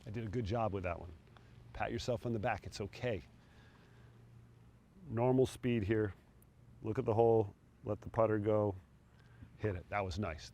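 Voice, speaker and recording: A middle-aged man coaching putting outdoors on a green, talking in a relaxed, encouraging way between putts. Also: fairly low pitch, slight background noise. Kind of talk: on-course instruction.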